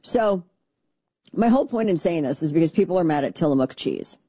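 A woman's voice: lowish voice, expressive, fairly quick, dark tone, husky, dry recording. A woman hosting a talk show, giving casual opinion commentary in a sarcastic, rambling way, with mocking voices for the people she quotes. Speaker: podcast host.

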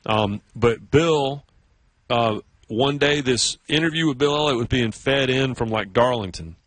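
A middle-aged South Carolina man with a Southern accent tells stories as a radio sports host in casual chat, animatedly slipping into high, mocking voices for other people. He talks a little slowly, and the recording is dry.

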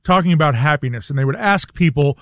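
Man, radio co-host, earnest and reflective, fairly high voice, dry close studio sound. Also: animated, fast talker, dry recording. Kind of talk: reflective commentary on a talk show.

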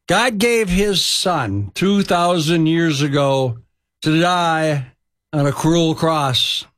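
A preacher in sermon storytelling mode, with a slightly high voice. He is emphatic and draws out key phrases for weight. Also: animated, takes it slowly, a bit bright.

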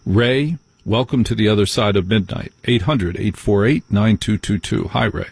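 A man's voice: fairly low pitch, normal speed, vocal fry, husky. A man hosting a late-night call-in radio show in a chatty, joking way, talking into a studio mic. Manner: chatty, joking, asides and laughs. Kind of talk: casual call-in radio chat.

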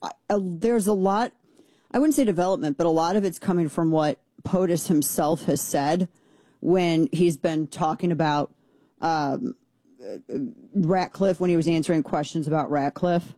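A woman's voice: deep voice, normal speed, dark tone, no echo. A woman hosting a talk radio show, giving a blunt, sarcastic and indignant opinion monologue into a studio microphone.

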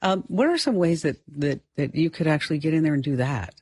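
A host with a man's voice running a radio talk show, upbeat, with quick laughs. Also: a little high, lively intonation, a little mellow, slightly rough.

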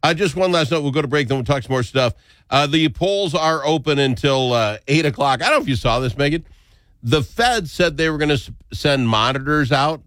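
A man's voice: a little high, fairly quick, a bit bright, dry recording, clean studio sound. A man hosting a talk radio show, opinionated, indignant and jokey.

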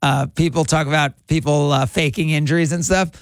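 A man hosting a casual sports podcast, relaxed and chatty as he gives live match updates and trades takes. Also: fairly high pitch, fairly quick, dry recording. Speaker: podcast host.

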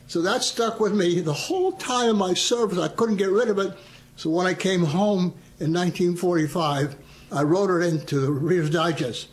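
With a high-pitched voice and moderate pace, an older veteran recalls his past during an interview, spinning stories, acting out others' words, and laughing softly.

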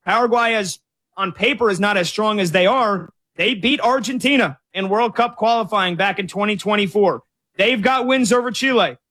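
A man co-hosting a sports talk show, casually breaking down soccer with lots of stats and quick self-corrections. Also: sits high, pushed and bright. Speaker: co-host sports analyst.

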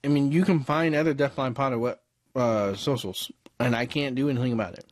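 Podcast cohost guy, mid pitch, short dry jokes and mm-hmms, no room echo. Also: fairly quick. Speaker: podcast co-host. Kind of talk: casual chat.

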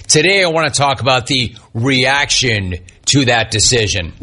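Male sports radio host, husky and bright, punchy and opinionated, faint music underneath. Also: medium pitch. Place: radio studio.

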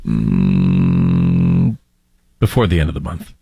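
A man's voice: rumbling low, very animated, takes it slowly, creaky, mellow, breathy edge, no echo. A man co-hosting a political talk show, adding brief, matter-of-fact remarks. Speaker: co-host. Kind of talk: casual political chat.

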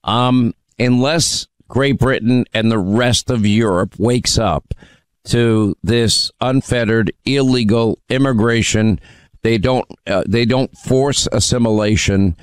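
A man hosting a talk radio show, giving forceful, opinionated commentary with frequent fillers and taking calls. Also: medium pitch, takes it slowly, clean tone, no echo. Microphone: studio microphone.

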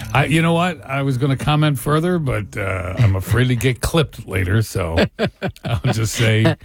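A man's voice: medium pitch, slow pace, gravelly, long pauses, slightly rough, soft background music. A man co-hosting a radio talk show, rambling casually with chuckling asides into a studio microphone. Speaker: radio co-host.

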